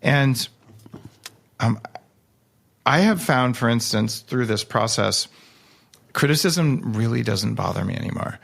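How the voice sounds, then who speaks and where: Animated man telling stories on a podcast. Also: unhurried, gravelly, pauses often. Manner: animated, jokey storytelling with sudden pitch jumps. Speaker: guest author. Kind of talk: casual podcast conversation.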